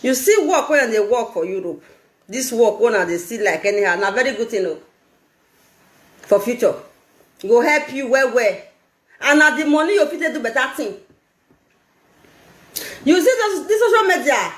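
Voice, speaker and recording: A Nigerian woman with a high, sharply rising and falling voice runs a live stream. She scolds and laughs often as she talks. The sound is roomy and echoing. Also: lively intonation, normal speed, long pauses. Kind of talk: casual live-stream commentary.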